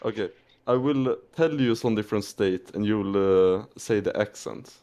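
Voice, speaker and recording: A man's voice: fairly low pitch, normal speed, mellow. A young man speaking English bluntly, with swearing, in a casual voice chat.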